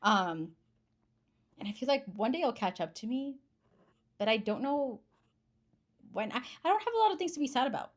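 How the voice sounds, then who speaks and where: A woman's voice: high voice, lively intonation, moderate pace, pauses often. A woman in her twenties chatting casually as a podcast guest, rambling and self-deprecating, with lots of fillers. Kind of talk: casual chat.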